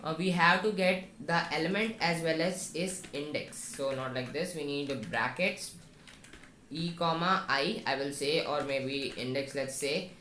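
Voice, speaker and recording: Man, coding tutorial, slow explanation, low-ish voice, echoey room, faint typing behind. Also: bright, forceful tone, a little hiss or hum. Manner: slow and instructive, talks through each step. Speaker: programming tutor. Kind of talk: screen-recorded coding tutorial.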